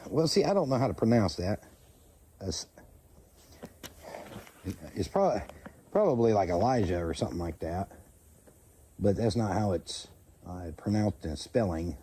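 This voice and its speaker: A man slowly reading Bible verses aloud and pausing to comment, stumbling over names and correcting himself. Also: on the low side, expressive, warm tone, a little hiss or hum. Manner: slow, halting reading with self-corrections. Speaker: channel host reading scripture.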